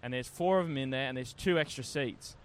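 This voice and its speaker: A man in a relaxed conversation, chatty and laid-back, telling a travel story with slang. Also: mid-range voice, fairly quick, clean tone. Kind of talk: casual storytelling chat.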